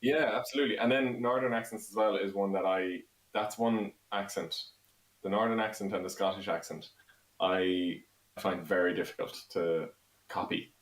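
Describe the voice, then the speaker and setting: A man's voice: low voice, steady tone, moderate pace, roomy sound, rough recording. An Irish man co-hosting a casual live-stream chat, laughing often. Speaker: co-host.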